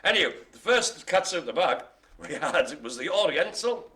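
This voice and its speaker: A man hosting a live bingo game with a fairly high, bright voice that swings up and down a lot. He keeps up a jokey, punning patter full of playful asides. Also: big pitch swings, normal speed. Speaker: bingo host.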